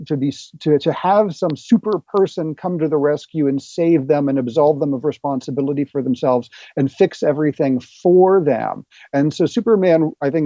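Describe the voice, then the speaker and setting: A man, an author being interviewed, explaining his ideas earnestly with halting restarts. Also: fairly high pitch, warm tone, dry recording, lo-fi sound. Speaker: author guest. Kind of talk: interview answers.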